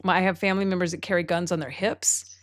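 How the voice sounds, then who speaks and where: A woman from Texas hosting a podcast in casual chat, animated and jokey, often acting out quotes. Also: on the low side, fast talker, no room sound, clean studio sound. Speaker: podcast host.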